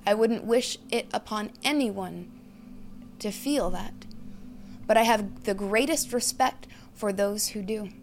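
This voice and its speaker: A woman preaching a reflective sermon, teaching through questions and lists and dropping to a hushed tone at key phrases. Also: mid-range voice, takes it slowly, a little hiss or hum.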